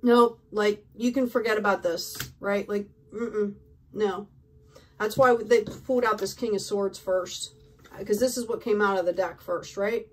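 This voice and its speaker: A woman's voice: mid-range voice, fairly even intonation, a little slow, distant mic, slight background noise. A woman giving a casual tarot reading, talking effusively and peppering her speech with "like", "right?" and "okay?". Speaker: tarot reader.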